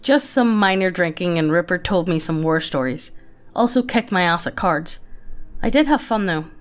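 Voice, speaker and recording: A woman narrating a sci-fi story aloud in a matter-of-fact, casual way, often breaking into laughter. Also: on the low side.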